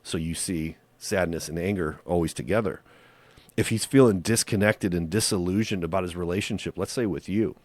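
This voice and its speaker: Deep-voiced man giving earnest relationship advice. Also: fairly quick, a little mellow, dry recording. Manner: earnest, conversational, uses rhetorical questions. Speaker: podcast host. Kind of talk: faith-based relationship advice monologue.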